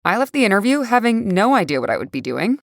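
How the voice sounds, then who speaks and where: A young woman reading a first-person story aloud, swinging between rage and quiet despair. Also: mid-range voice, very animated, fast talker, gravelly, no echo, clean studio sound. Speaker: narrator. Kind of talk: first-person scripted narration. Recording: faint music bed.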